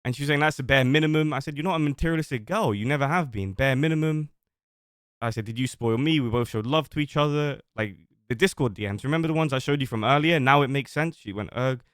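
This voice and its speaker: A man's voice: mid-range voice, fast talker, few pauses, fairly bright tone, no echo, clean studio sound. Man talking defensively on stream. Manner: defensive, rambling, reads screenshots aloud. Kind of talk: livestream talk, reading out messages.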